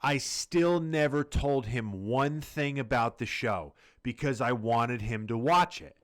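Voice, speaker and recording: A man's voice: mid-range voice, slow. A man co-hosting a podcast in casual chat, ranting heatedly and swearing a lot. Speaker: podcast co-host.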